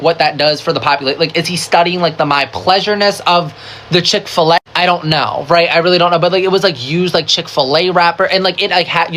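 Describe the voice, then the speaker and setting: A woman telling a storytime while getting ready, gossipy and animated, swearing freely and packing every sentence with "like". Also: deep voice, slight background noise. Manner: animated and profane, full of "like" fillers; gossipy, talks straight to the viewer with "girl" and "baby". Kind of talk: casual get-ready-with-me storytime.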